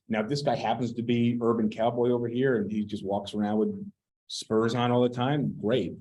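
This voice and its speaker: A man's voice: medium pitch, fairly even intonation, fairly quick, warm tone, poor audio. A man giving a casual real estate training talk, blunt and sometimes swearing as he picks apart advice. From United States.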